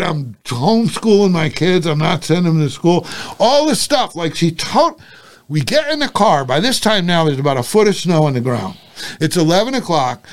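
Older guy with a higher voice spinning a cop story, swears a lot, acts out all the voices. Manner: animated, profane, acts out quoted dialogue. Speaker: podcast guest, retired private investigator. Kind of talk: casual storytelling.

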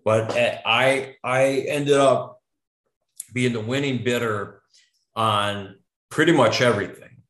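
Man guest, chatty storyteller, mid-pitched, loose and rambling, roomy echo. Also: slow, fairly bright tone. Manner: rambling, with frequent restarts and casual swearing. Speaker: podcast guest. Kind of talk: casual conversational storytelling. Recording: echoey room.

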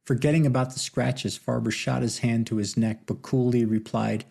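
A man narrating an audiobook novel with steady, measured storytelling. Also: mid-range voice, gravelly, husky. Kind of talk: scripted narration.

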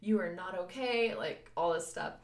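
Brief: lively woman podcaster, storytelling with laughs, roomy echo. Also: lowish voice, moderate pace. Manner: animated, laughing, acts out voices of others. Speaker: podcast co-host. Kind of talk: casual storytelling chat. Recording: echoey room.

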